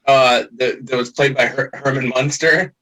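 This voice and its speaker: A man of middle pitch with a bright, forward tone. He hosts a casual podcast chat, putting his questions in a relaxed way and rewording them as he goes. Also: moderate pace, low-quality recording. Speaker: podcast host.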